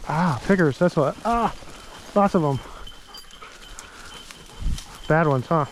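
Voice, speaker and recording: A man's voice: fairly high pitch, expressive, slow pace, pauses often, slight background noise. A man out hunting in thick woods, talking casually to his dogs and calling commands to them in a coaxing way. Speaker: hunter filming his hunt.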